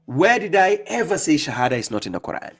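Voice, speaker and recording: A man's voice: on the high side, big pitch swings. Scolding male religious commentator. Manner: scolding and mocking, reads verses slowly. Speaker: live-stream religious commentator. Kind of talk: preaching commentary on played clips.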